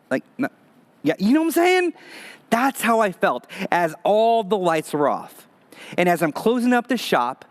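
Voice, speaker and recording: A male pastor delivers a sermon like he is telling a story to friends, conversational and quick with a joke. His voice sits fairly high for a man, and he moves easily between banter and earnest preaching. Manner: storytelling, lively and conversational with humor.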